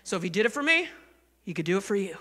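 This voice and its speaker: Bright-voiced woman pastor in a reverberant hall. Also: mid-range voice, racing. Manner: conversational and animated, asking the congregation questions. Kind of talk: sermon. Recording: long reverb of a church hall.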